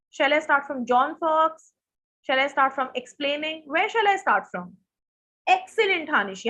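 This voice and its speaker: Brief: high-pitched young woman, online SAT grammar teacher who quizzes her class. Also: bright, forceful tone. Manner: asks students questions, reads answers from chat. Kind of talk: live online grammar lesson.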